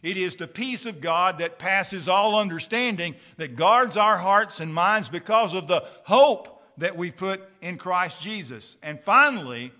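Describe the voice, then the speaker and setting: Male preacher, high bright voice, unhurried, earnest scripture reading. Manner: reads scripture slowly and earnestly, asks the listeners questions. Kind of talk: sermon.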